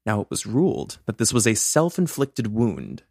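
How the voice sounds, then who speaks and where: A man's voice: lowish voice, wildly swooping pitch, moderate pace, creaky, a little mellow, dry recording, studio quality. A man co-hosting a true-crime podcast, chatty and playful, laughing often. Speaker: podcast co-host.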